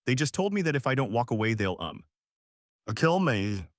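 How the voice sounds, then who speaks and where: A shaken, anxious businesswoman, voiced by a man reading a story in a dry, close recording. She stumbles through her words with hesitant pauses. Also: mid-range voice, sing-song, no room sound, close to an everyday voice. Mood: frightened. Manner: hesitant, halting.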